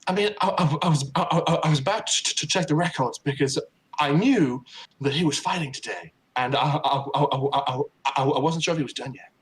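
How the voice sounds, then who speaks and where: A man's voice: on the high side, a little fast, slight background noise, poor audio. A man narrating as game master of a tabletop game, stammering and restarting often. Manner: stammering, many repeated starts.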